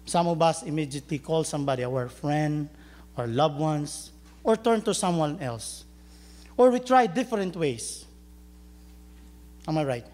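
A man's voice: a little high, animated, measured pace, long pauses, a little mellow. A man preaching a sermon, telling a story and joking with his congregation. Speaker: pastor.

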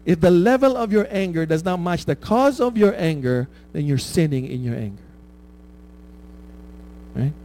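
A man's voice: on the high side, lively intonation, normal speed, pauses often, dark tone. A man preaching a conversational sermon, often asking "right?" and laughing at his own stories.

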